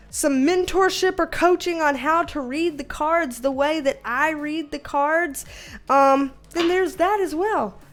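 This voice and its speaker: A woman's voice: high-pitched, a bit bright. A woman, a tarot reader chatting casually to her viewers in a loose, repetitive way. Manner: chatty, loose and repetitive, talks baby-talk to a puppy. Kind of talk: casual vlog chat.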